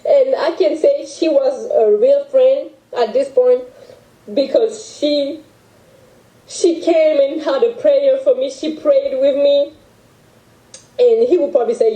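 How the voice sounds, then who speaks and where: A young French woman with a French accent, recounting a personal story in halting speech full of restarts. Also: high voice, steady tone, mellow, roomy sound, rough recording. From France. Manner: halting, with many restarts and fillers. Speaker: guest telling her story. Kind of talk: emotional personal account.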